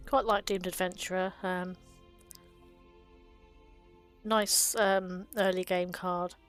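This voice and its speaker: A woman's voice: on the low side, flat delivery, slow pace, faint music behind. A woman hosting a video about card game art, talking casually and fondly with frequent ums and little laughs. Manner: chatty and fond, with frequent ums and small laughs.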